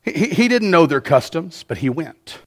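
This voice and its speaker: Earnest man preaching, higher voice. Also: big pitch swings, normal speed. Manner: earnest, swings between soft and loud. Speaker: pastor. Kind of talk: sermon.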